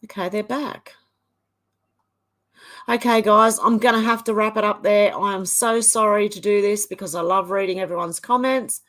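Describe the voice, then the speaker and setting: A middle-aged Australian woman hosting a live stream, chatting casually and reading viewer comments aloud in a quick running voice. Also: medium pitch, steady tone, a bit bright.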